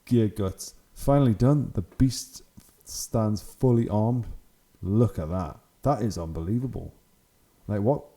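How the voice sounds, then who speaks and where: Chatty man with a very dark voice. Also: on the low side, measured pace. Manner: chatty, enthusiastic, laughs often. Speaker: channel host. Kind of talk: casual commentary on hobby photos.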